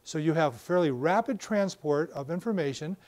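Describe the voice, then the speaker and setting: Man, older, high-pitched, lecture to professionals, animated, wireless mic. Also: moderate pace. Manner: animated storytelling with acted-out examples. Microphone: battery-powered wireless mic.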